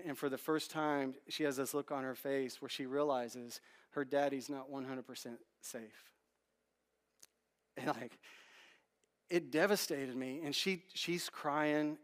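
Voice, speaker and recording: A male pastor in his thirties preaching in a church with a slightly high voice. He tells a candid, self-deprecating story, talking animatedly and restarting often. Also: clean tone. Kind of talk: storytelling sermon. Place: church sanctuary.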